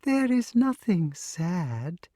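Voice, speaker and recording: A man voicing a patient old male grass snake with a sing-song, gently affectionate way of talking, in an audiobook. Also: fairly high pitch, sing-song, takes it slowly, no echo, clean studio sound, voice pushed up, exaggerated voice. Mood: patient, musing. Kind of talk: audiobook character reading.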